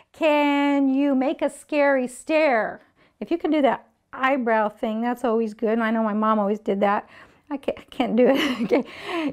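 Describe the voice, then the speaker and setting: A woman teaching a children's action song, explaining the steps in a playful way and making animal sounds for kids. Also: high-pitched. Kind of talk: friendly song demonstration.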